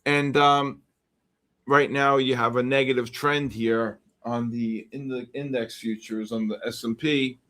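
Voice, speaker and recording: A man's voice: medium pitch, steady tone, a little slow, fairly bright tone. A man hosting a live futures trading stream, chatting through charts and viewer messages in a rambling way with many fillers. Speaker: futures trading livestream host. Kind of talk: live trading commentary reading viewer chat.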